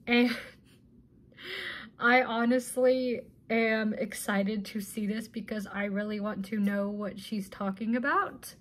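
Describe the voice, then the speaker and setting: A high-voiced woman giving casual reaction commentary. She sounds indignant and exasperated and keeps her talk loose and chatty. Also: steady tone, slow pace. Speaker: reaction video host.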